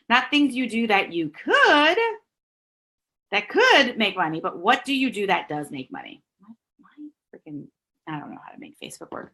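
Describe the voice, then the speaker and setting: A middle-aged woman giving a brisk, emphatic business coaching talk on a live stream, reading out viewer comments as she goes. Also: medium pitch, sharp tone.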